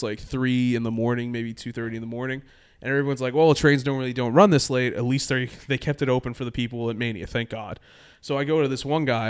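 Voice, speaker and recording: Animated, profane storyteller from New Jersey. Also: male voice, mid-range voice, clean tone. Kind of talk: casual storytelling chat.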